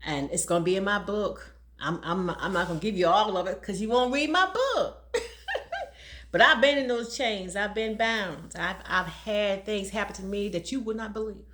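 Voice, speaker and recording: A woman's voice: medium pitch, normal speed, fairly bright tone. A woman in her sixties, a domestic violence advocate speaking casually to the camera, emphatic and preachy and laughing often between her points.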